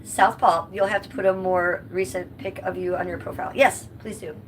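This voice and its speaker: A woman's voice: medium pitch, steady tone, normal speed, a little hiss or hum, rough recording. A woman hosting a livestream, chatting casually and bluntly with viewers and swearing freely. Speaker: livestream host. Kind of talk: casual livestream chat reading comments.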